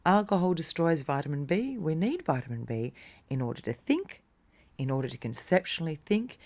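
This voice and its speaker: A woman's voice: low voice, a little mellow. A woman teaching about coping with crisis in a casual, encouraging talk, speaking straight to the listener and sometimes dropping to a whisper. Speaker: meditation teacher.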